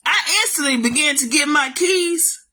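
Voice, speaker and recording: Fired-up woman ranting to the camera. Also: normal speed. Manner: heated, calls the listener baby, swings loud and high. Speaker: vlogger. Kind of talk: emotional family rant to camera.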